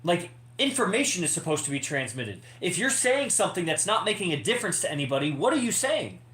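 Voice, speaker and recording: A man's voice: sits high, sing-song, fast talker, a bit bright. Emphatic man rambling in an echoey room. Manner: emphatic, rambling, swears freely. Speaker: podcast host. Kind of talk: casual monologue to members.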